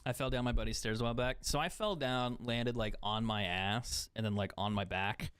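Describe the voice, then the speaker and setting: A man's voice: medium pitch, normal speed, a bit bright, clean tone, no room sound. A man streaming a video game, chatting casually, swearing often and laughing at himself. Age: adult. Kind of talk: casual chat while gaming.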